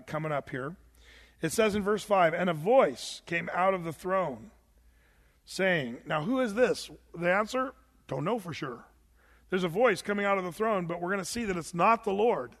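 A man preaching a conversational Bible study sermon as pastor, informal, repeating words and reading scripture aloud slowly, in a church. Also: high voice, fairly bright tone. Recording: long reverb of a church hall.

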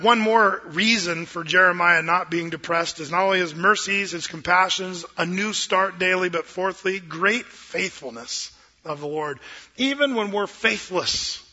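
A middle-aged man, a pastor preaching a sermon in an animated, joking way that acts out quoted voices. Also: high voice, slightly rough, muffled recording.

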